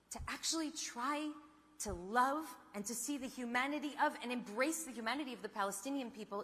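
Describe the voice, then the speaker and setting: A woman's voice: on the high side, a bit bright. A middle-aged woman giving an earnest, impassioned speech, full of rhetorical questions. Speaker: panel speaker. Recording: hall reverb.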